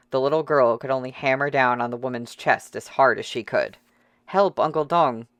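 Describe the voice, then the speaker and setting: A man reading a novel aloud as audiobook narrator, steady and dramatic. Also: mid-range voice, no room sound.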